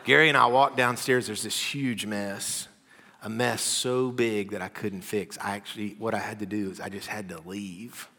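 A man preaching a sermon, telling personal stories with animated energy that drops to a hushed voice. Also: on the low side, moderate pace, big-room sound. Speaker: pastor. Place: church hall.

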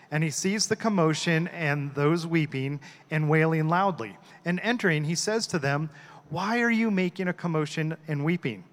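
A man giving a measured, unhurried scripture reading. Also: a little high, a bit bright. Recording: echoey hall.

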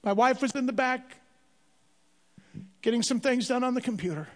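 A man's voice: extremely high pitch, moderate pace, fairly bright tone. A man who is a Christian missionary tells his story to an audience in an earnest way, often repeating words as he presses a point. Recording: long reverb of a large hall.

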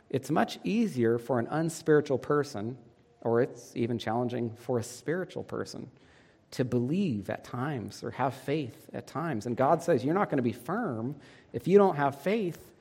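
A man's fairly high voice rings out through a hall with a long reverb. He preaches a sermon and often asks the congregation questions. His emphasis keeps shifting as he makes each point. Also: darkish tone, breathy edge. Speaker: pastor.

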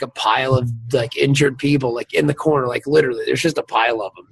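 A man's voice: mid-range voice, fairly quick, gravelly, slightly rough. A man co-hosting a podcast, chatting casually and crudely about a TV episode, laughing often. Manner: laughing, joking, crude humor. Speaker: podcast co-host.

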